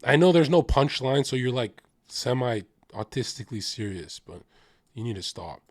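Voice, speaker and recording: A young man streaming live, reacting to a podcast with loud jokes, crude swearing and sudden mimicking bursts. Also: normal speed, no room sound, clean studio sound. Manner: animated, jokey, swears freely and mimics people in sudden high bursts. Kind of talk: livestream reaction commentary.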